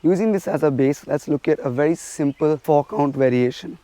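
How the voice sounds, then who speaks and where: A man from India teaches a stick-fighting drill, explaining each step and counting the strikes out loud as he demonstrates. His voice sits somewhat high yet sounds mellow. The recording is dry, with little room sound. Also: normal speed, dry recording. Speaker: martial arts instructor.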